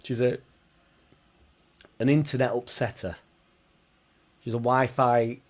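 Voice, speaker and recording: A man with a Yorkshire accent hosts a live watchalong stream and reacts to the match as it plays. His voice sits at an ordinary middle pitch. He chats casually with his viewers, with plenty of swearing and banter. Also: steady tone, takes it slowly, pauses often. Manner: blunt, swearing, chatty banter. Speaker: livestream host.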